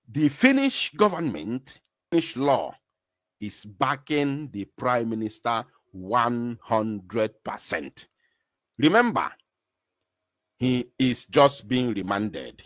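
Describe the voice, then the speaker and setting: A man's voice: mid-range voice, big pitch swings, slow, a bit bright, no room sound, clean studio sound. A Nigerian man giving impassioned live commentary, emphatic and full of rhetorical questions.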